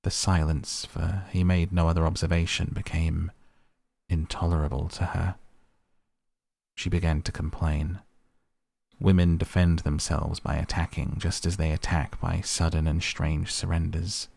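A man narrating a classic novel as an audiobook reading, measured and even. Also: low voice, creaky, dry recording.

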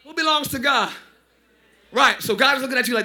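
A man preaching a lively sermon as pastor, often shouting and joking with the congregation. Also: extremely high pitch, a little fast. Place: church sanctuary.

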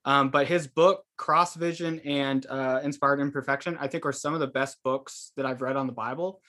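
A man's voice: mid-range voice, fairly even intonation, normal speed, pushed and bright. A man, a guest author, explaining a theological argument in casual conversation, hesitant with many fillers and restarts.

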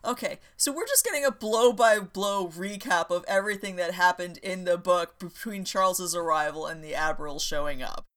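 A woman's voice: on the low side, moderate pace, few pauses, a bit bright. A woman co-hosting a podcast, chatting casually with dry, wry asides. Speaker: podcast co-host and reader. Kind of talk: casual chat.

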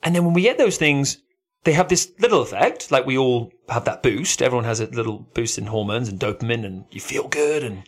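Bloke co-hosting a chatty podcast, bouncy pitch, gets squeaky when excited. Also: male voice, brisk, husky. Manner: animated, jumps to a high excited voice. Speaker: podcast co-host. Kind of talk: casual chat.

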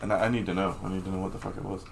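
A laid-back man in casual conversation, musing out loud and laughing often. His voice is very low with a gravelly fry. Faint hiss sits behind him. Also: level tone, very fast. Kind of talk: casual chat.

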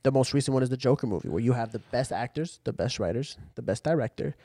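A man's voice: mid-range voice, animated, fast talker, gravelly, warm tone, no room sound, studio quality. A man co-hosting a casual podcast, laid back and agreeable, swearing now and then. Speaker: podcast co-host.

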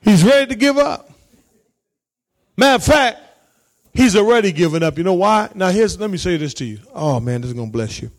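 A man preaching as a pastor, calling out to his congregation and swinging between shouted lines and quiet asides. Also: high voice, big pitch swings, brisk, pauses often. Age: adult, married parent. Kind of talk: sermon.

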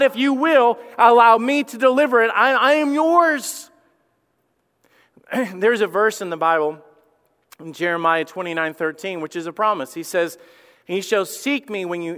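A man preaching a sermon as lead pastor, telling history calmly and then rising into fervent pleading. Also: a little high, clean tone, in a large hall. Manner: builds from calm storytelling to fervent pleading.

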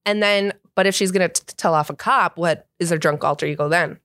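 A woman's voice: fairly low pitch, a little fast, fairly bright tone, dry recording. A woman in her twenties co-hosting a podcast, teasing and laughing often in casual chat. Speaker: podcast co-host.

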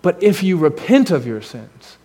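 A male pastor preaching a sermon with a slightly high voice. He shifts between fervent, loud appeals and soft, hushed lines, and adds casual humorous asides. His voice carries a long reverb from a church hall. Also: sing-song, a little slow, breathy edge. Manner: earnest, swings between loud urging and soft, near-whispered lines. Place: church sanctuary.

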